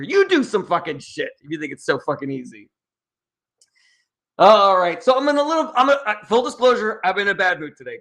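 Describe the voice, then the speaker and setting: Guy ranting on a political livestream, cusses a lot, high bright voice. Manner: profane, heated ranting. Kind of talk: livestream Q&A, reading chat questions.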